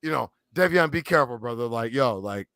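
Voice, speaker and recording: A man telling profane stories in casual chat, animated and loud when he acts out quotes. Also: medium pitch, brisk, dry recording, low-quality recording. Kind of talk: casual crude storytelling.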